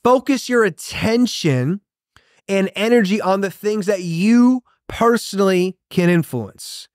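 Emphatic high-voiced male motivational host. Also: slow, no room sound, clean studio sound. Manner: emphatic, punchy preaching with repeated catchphrases. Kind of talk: motivational monologue.

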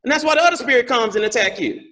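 A man preaching a sermon as pastor, asking the congregation questions and rising from quiet reading to shouted exhortation. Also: very high voice, expressive, very fast.

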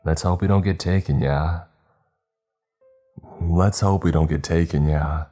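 A man's voice: sits low, fairly even intonation, measured pace, warm tone, soft background music. A man doing a teasing young guy.

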